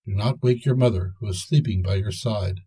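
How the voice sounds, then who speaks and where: A man's voice: lowish voice, brisk, mellow, slightly rough. A man voicing Violet, a devoted young girl in a fairy tale, speaking in a raised, earnest and pleading way. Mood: tender.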